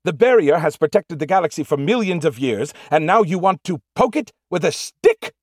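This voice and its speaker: A man's voice: fairly high pitch, sing-song, moderate pace, no room sound, clean studio sound, pitched above the performer's own voice. A man voicing a snarky, dramatic male AI with a tiny hologram avatar, whiny and exasperated. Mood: exasperated, panicky.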